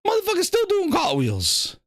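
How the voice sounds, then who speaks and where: A man's voice: very high voice, huge pitch swings, normal speed, a bit bright, no room sound, studio quality, voice pushed up, exaggerated voice. A man putting on a grumbling, exasperated male gaming boss, muttering curses in a fed-up way.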